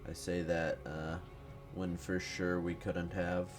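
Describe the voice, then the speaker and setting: A man's voice: deep voice, little pitch movement, slow pace, over music. A man giving casual, rambling, profane commentary while playing a strategy game, a bit tired and fumbling for words. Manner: rambling, profane, self-deprecating. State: tired, no morning caffeine. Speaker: gaming commentator.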